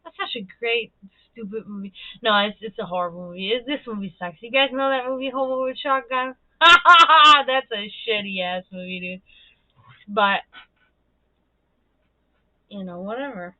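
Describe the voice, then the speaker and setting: A woman's voice: a little high, unhurried, no room sound. A woman hosting a casual livestream, chatting and telling stories, swearing freely and laughing often. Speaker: livestream host. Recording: dry, tinny phone-like sound.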